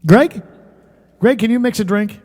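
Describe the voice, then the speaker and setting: Chatty music-stream host, a man with a high voice and a guitar behind him, some hall reverb. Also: unhurried, darkish tone. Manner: chatty, joking, greets viewers by name. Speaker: musician and livestream show host. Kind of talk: casual chat with viewers.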